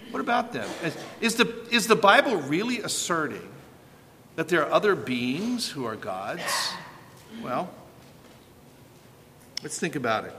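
A man preaching a sermon in an animated way, firing rhetorical questions at his listeners. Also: a little high, long reverb tail, slight background noise.

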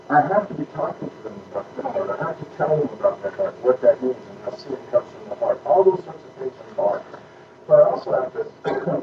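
Man, church teacher, emphatic, conversational, muffled distant recording with background noise. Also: medium pitch. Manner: emphatic, conversational, checks understanding with "okay?". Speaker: pastor teaching a class on parenting. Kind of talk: informal teaching talk with questions. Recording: echoey room, distant mic, muffled, noisy.

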